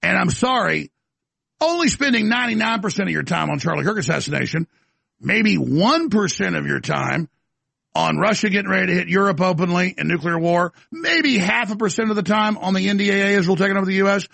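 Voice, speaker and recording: A man's voice: high-pitched, expressive, a little fast, vocal fry, fairly bright tone, dry recording. A man hosting a talk show, delivering an impassioned, emphatic monologue into a studio microphone. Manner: ranting, emphatic, insistent.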